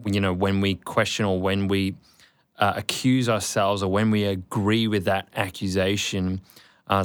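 Man, host, calm, affirming, frequent fillers, lower pitch. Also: no room sound. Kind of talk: faith conversation.

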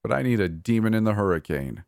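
A man's voice: on the low side, lively intonation, fast, vocal fry, no echo, studio quality, voice pushed up. A man doing a mocking, murderous brother. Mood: cold taunting. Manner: taunting, mocking, erratic shifts into yelling. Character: manic, cruel adult brother, mocking and murderous.

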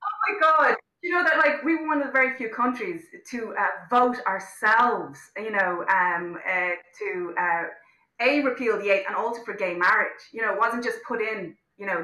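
Impassioned Irish woman, bright echoey voice. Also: medium pitch, fairly quick. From Ireland. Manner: impassioned and outspoken, many restarts. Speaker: interview guest, actor-director. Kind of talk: casual interview chat.

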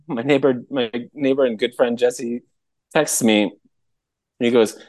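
A man co-hosting a podcast, telling a story in a casual, animated way, laughing often and pitching his voice up high when he quotes people. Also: unhurried, pauses often. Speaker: podcast co-host.

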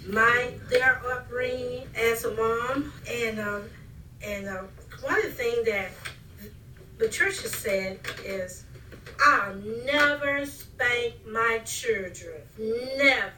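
Older grandmother, unhurried storyteller, bright voice, echoey room, distant mic. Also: on the high side, a little hiss or hum. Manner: slow, storytelling, laughing as she recalls. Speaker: grandmother and mother of the hosts. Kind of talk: casual family chat.

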